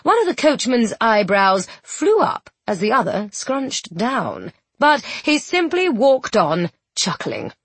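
A woman narrating a storybook with expressive, playful storytelling. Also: on the high side, slow, husky, dry recording. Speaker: audiobook narrator. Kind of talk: scripted narration.

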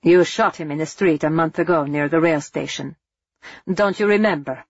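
A woman voicing a brave male priest who quietly challenges his captor. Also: low voice, normal speed, breathy edge, no echo, lo-fi sound. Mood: challenging.

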